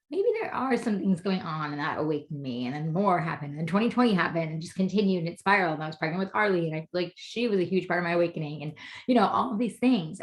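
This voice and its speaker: Chatty woman, lots of "you know". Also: lowish voice. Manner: rambling, heavy on "you know" fillers. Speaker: guest mother. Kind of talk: casual conversation.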